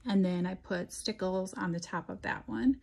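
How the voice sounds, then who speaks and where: A woman giving a relaxed craft tutorial, talking through each step in a casual, unhurried way. She leans on frequent ums and small restarts as she explains. Her pitch sits in a middle range for a woman. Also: creaky. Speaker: craft instructor.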